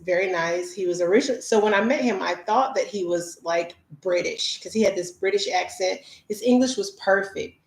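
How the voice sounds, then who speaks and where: A woman travel vlogger from the United States telling her viewers candid stories in a chatty, casual way with lots of fillers. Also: fairly low pitch. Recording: roomy echo.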